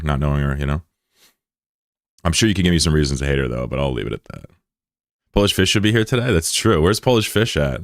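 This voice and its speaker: A man's voice: very deep voice, no room sound, clean studio sound. A young American man streaming and chatting casually with his audience, joking around and stumbling as he tries words in other languages. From United States. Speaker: livestreamer. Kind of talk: casual chat with a live audience.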